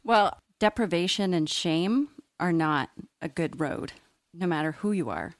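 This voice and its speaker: Low-voiced woman, frank co-host. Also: lively intonation, measured pace, no echo, clean studio sound. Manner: reflective, frank, reaches for words. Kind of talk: casual conversation.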